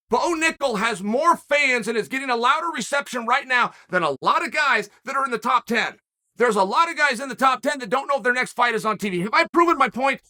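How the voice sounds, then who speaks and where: A man's voice: extremely high pitch, bright, forceful tone. A man hosting his own commentary show, talking emphatically and firing rhetorical challenges at the audience. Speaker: commentator host. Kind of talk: animated solo commentary rant.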